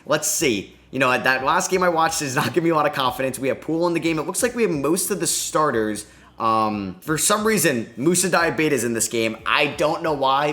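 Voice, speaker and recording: Young male gamer, bright forceful voice, groans and cheers through live game commentary. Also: mid-range voice. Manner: excitable, groans and cheers at plays. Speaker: gaming commentator.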